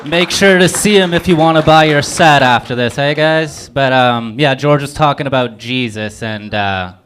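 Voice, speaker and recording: A man's voice: mid-range voice, normal speed, a bit bright. A man hosting an open mic on a comedy club stage, bantering casually and poking fun at himself between acts. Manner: casual, self-mocking banter with the crowd. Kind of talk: introducing acts. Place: comedy club stage before a live audience.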